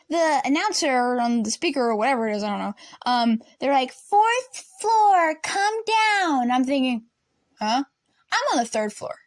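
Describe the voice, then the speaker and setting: A young woman telling a personal story in a casual storytime vlog, acting out the people in it with lively voices. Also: a little high, dry recording. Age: young adult. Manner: animated, acts out classmates and teachers. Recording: dry close room, faint lamp buzz.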